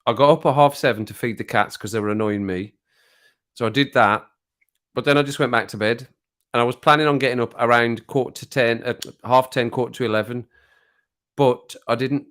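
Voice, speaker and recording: A man talks loosely to his live stream viewers from a sunny room at home. His voice sits at an ordinary middle pitch. He rambles from one thing to the next and laughs at himself often. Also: fairly even intonation, a little fast, a bit bright. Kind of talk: casual chat on a live stream. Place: home room with sun on the window.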